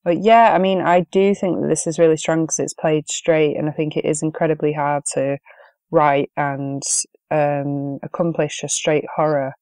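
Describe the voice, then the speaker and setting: A woman's voice: sits low, steady tone, normal speed, a little mellow, dry recording. A woman co-hosting a podcast, chatting about films in an easygoing way with frequent ums. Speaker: podcast co-host. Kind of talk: casual film review chat.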